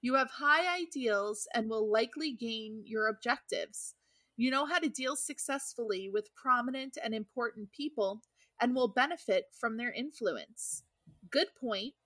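A woman co-hosts a casual podcast chat about astrology. Her tone is bright and forceful, and she laughs easily and reads horoscope text aloud. The sound is dry and close, with no room echo. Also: fairly high pitch, unhurried. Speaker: podcast co-host.

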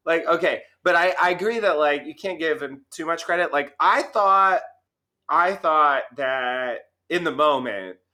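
Hesitant, bright-voiced man chatting. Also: on the high side, unhurried. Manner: hesitant, full of 'like' and restarts. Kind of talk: casual podcast discussion.

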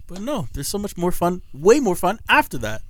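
A man's voice: high-pitched, huge pitch swings, moderate pace. A young man and father on a podcast, talking in a laid-back, teasing way. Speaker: podcast co-host. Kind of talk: casual chat.

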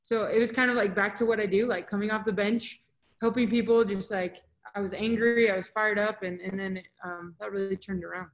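A young adult woman, a volleyball player and guest, telling stories in a casual, animated interview. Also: mid-range voice, fairly quick, muffled recording. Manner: animated, chatty, acts out quotes.

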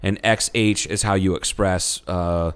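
A man's voice: low voice, fairly even intonation, measured pace, clear, resonant tone. A young man co-hosting a podcast, joking crudely and swearing in casual chat. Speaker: podcast co-host.

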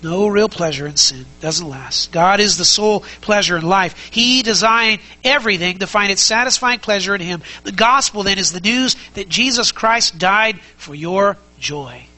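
A man's voice: high-pitched, normal speed, hardly any pauses, bright, forceful tone, rough recording. A man preaching a sermon as pastor, conversational and emphatic, asking the congregation many rhetorical questions and repeating key phrases.

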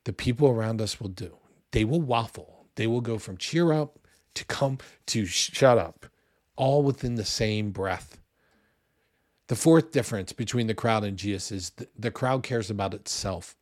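Animated conversational preacher man. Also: lowish voice, moderate pace, no echo, studio quality. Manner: conversational and animated, acts out quotes with loud bursts. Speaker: pastor. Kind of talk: sermon.

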